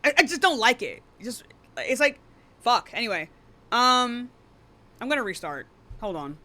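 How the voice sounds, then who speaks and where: A woman hosting a live online debate stream, blunt and profane, quick to cut people off. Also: fairly high pitch, sing-song, bright, forceful tone.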